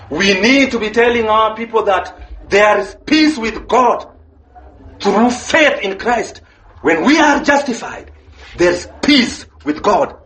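A man's voice: high-pitched, fairly bright tone, roomy sound, poor audio. A man preaching a sermon as pastor, emphatic and driving home the same phrases again and again. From Kenya.

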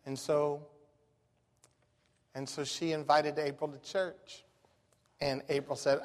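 A folksy pastor preaching a sermon, his voice pitched high for a man. He tells stories in an animated, down-home way. A long reverb from a large hall hangs behind every word. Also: slow pace, pauses often. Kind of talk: storytelling sermon.

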